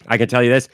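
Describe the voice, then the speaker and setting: A man's voice: mid-range voice, a bit bright, dry recording, clean studio sound. A man hosting a podcast alone, congested and talking in a rambling, candid way. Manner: rambling, candid, talks through it. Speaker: podcast host. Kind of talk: casual solo podcast talk.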